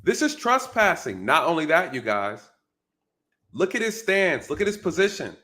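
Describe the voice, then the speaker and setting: A man's voice: a little high, sing-song, normal speed, pushed and bright. A man commenting on a news clip for his viewers, talking casually and emphatically, often asking rhetorical questions and checking in with "right?".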